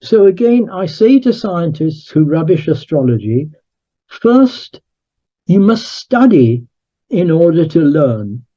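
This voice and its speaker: A man speaks slowly and deliberately as a podcast guest, with emphatic, lecturing phrasing. His voice sits a little high but sounds very dark and mellow. The recording is dull and lo-fi. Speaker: author and guest. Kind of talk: podcast conversation.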